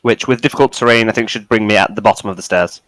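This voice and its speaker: A man's voice: fairly low pitch, fast talker, fairly bright tone, no room sound. A man playing in an online tabletop game, chatting and joking with the table. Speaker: player. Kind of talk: casual game table chat.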